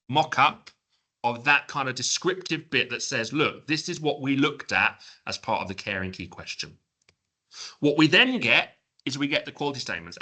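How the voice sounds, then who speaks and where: A man giving a webinar presentation, explaining in an informal, chatty way with joking asides and quick self-corrections. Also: medium pitch, sharp tone.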